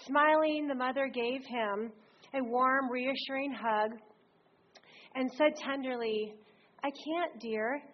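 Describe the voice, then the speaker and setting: High-voiced woman preaching a sermon. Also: takes it slowly, a little hiss or hum. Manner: lively storytelling, reads scripture aloud with emphasis. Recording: slightly dull recording.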